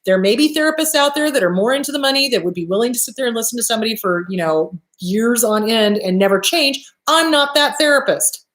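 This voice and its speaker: A woman's voice: fairly high pitch, animated, fast talker, hardly any pauses, fairly bright tone. A woman therapist giving blunt advice, emphatic and swearing freely, often acting out quoted voices. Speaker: therapist and show host. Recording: echoey room.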